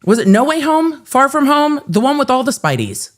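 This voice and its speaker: A woman host telling a personal story in casual livestream chat, animated and self-mocking, with some swearing. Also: high-pitched, moderate pace.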